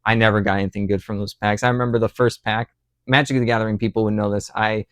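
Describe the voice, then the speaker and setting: A young man hosting his channel, casually telling a rambling personal story, with lots of fillers and restarts, lifting his voice high and loud when he acts out what he said. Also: fast, clear, resonant tone, no room sound, clean studio sound. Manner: animated, acts out quotes with rising voice. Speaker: channel host.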